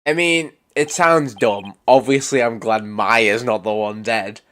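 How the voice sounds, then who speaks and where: A man's voice: mid-range voice, unhurried, fairly bright tone. A man with a stuffy nose reacting emotionally to a game he is playing, groaning and swearing as he reads the lines aloud. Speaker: gaming streamer. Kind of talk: let's play reading game lines aloud.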